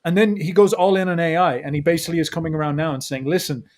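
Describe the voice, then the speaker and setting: A man talking as a podcast guest in a casual, animated way, acting out what other people said. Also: fairly high pitch, rapid-fire. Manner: animated, acts out quotes of others. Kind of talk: casual conversational monologue.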